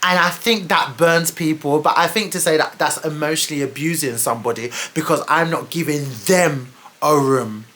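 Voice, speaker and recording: Woman, young adult, low voice, casual storytime vlog, blunt, swears. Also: moderate pace, fairly bright tone, slight background noise. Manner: blunt and candid, swears freely, exasperated asides. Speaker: storytime vlogger.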